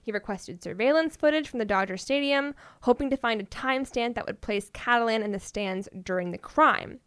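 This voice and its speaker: Woman, podcast storyteller, fairly high voice, playful, casual, dry recording. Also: a little fast, fairly bright tone, clean tone, no echo. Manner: playful, laughs often while reading stories. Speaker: podcast co-host telling stories.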